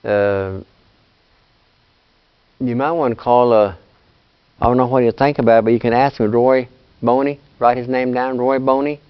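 A man's voice: medium pitch, fairly even intonation, normal speed, pauses often, clean tone. An older man teaching a casual language lesson, patient and plain-spoken, often checking in with "you see". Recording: dull lo-fi sound.

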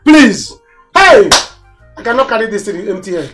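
An actor with a Nigerian accent playing a stingy, boastful older brother who mocks and orders people about. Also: male voice, high-pitched, sing-song, moderate pace, over music. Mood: mocking. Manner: mocking, boastful, mixes Igbo and Yoruba phrases. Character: boastful, stingy male moneyed big brother. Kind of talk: Nollywood film acting.

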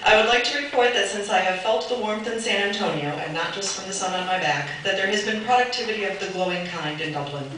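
Woman reading a bid letter out loud to a con panel, far off mic, big echoey room with noise. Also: medium pitch, fast, hardly any pauses. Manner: reads formally, breaking off to laugh and ad-lib. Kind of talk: reading a prepared letter aloud to a convention panel. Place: convention meeting room.

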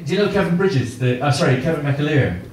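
Animated and a little high-pitched, a middle-aged comedian speeds through rambling stories that poke fun at himself, with plenty of filler words. It's a live gig, heard from a distance in an echoey room with slight background noise.

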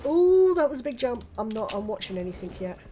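An older British woman hosting her own gaming channel, chatting excitedly through gameplay and with friends on voice chat. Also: on the high side, slight background noise. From United Kingdom. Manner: chatty, excitable, quick exclamations. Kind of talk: casual gameplay commentary.

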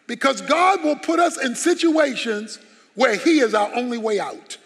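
A man's voice: extremely high pitch, moderate pace, fairly bright tone, slightly rough. A man preaching a sermon as pastor, emphatic and full of rhetorical questions. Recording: long hall reverb.

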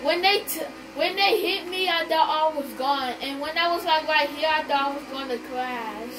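A woman giving casual, excitable commentary as she plays a racing game, gasping and shrieking at near misses. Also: high voice, normal speed, far from the mic, noisy background. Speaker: gamer. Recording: game music playing underneath.

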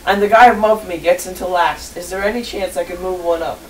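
A guest commentator on an online sim race who jokes around, given to loud outbursts and playful teasing. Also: medium pitch, fairly even intonation, brisk, reverberant, a little hiss or hum. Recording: distant mic.

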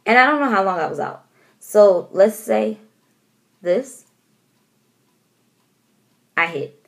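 A woman from Detroit telling a story to her camera at home in a casual vlog, animated and expressive, laughing often and acting out what people said. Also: medium pitch, slow pace, vocal fry. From Detroit, USA. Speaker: vlogger.

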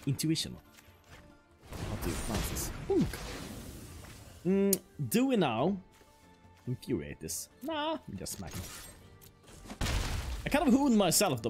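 A man's voice: medium pitch, huge pitch swings, normal speed, long pauses, darkish tone, faint music behind. A man streaming a card game, chatting casually and joking as he plays. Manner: playful, joking, laughs often, mock-French asides. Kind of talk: casual gameplay commentary.

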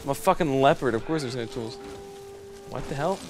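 A man giving casual let's play commentary, excitable and joking, swearing and laughing at the game. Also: mid-range voice, brisk. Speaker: gamer. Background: game music.

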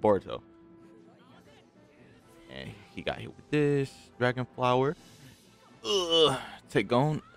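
A man's voice: mid-range voice, very animated, slow pace, vocal fry, long pauses, fairly bright tone, faint music behind. A young man giving casual gameplay commentary, trash-talking his opponent and swinging from grumbling to hype. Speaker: gaming channel host. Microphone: desk mic with game audio.

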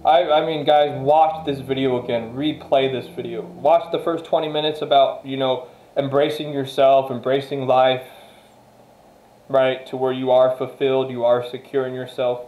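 A man's voice: medium pitch, little pitch movement, normal speed, a little mellow. A man giving a casual motivational monologue straight to viewers, emphatic and repetitive, swearing freely. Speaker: motivational vlogger. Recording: echoey room.

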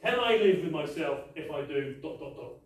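Echoey preacher in a church hall. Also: male voice, fairly high pitch, animated, normal speed. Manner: emphatic, repetitive rhetorical questions. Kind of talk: sermon. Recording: very echoey hall, mic far off.

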